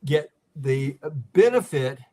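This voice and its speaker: A man with a slightly raised pitch talks eagerly through game plays and coaching details. He is a sports writer chatting casually on a talk show, piling on specifics as he goes. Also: expressive, slow pace, mellow. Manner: eager, detail-heavy recounting of games. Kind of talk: casual chat.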